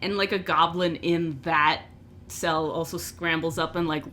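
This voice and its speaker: Slow, measured woman game master. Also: low voice, fairly even intonation, a bit bright, a little hiss or hum. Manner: measured, deliberate. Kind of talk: in-character role-play and narration.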